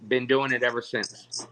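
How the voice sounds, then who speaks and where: A man's voice: mid-range voice, background noise. A man, a balloon artist guest, chatting casually on a video call and acting out the voices of people in his stories. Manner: animated, acts out quoted voices, stammers on restarts.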